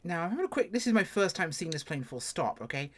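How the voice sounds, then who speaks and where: A speaker with an English accent doing a casual first-look review of a flight sim plane, chatty and self-deprecating, with sudden jumps in pitch. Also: sing-song, quick pace. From England.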